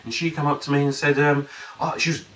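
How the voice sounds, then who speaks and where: A man talks about his methods in a loose, rambling flow, now and then jumping up in pitch to act out the dialogue with his client. The sound is roomy and set back from the mic, with a faint hiss underneath. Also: level tone, a little fast, a bit bright. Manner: rambling, acts out client dialogue in raised voices. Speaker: NLP and hypnosis practitioner. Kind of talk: casual explanatory talk. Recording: roomy echo, mic at a distance, faint noise.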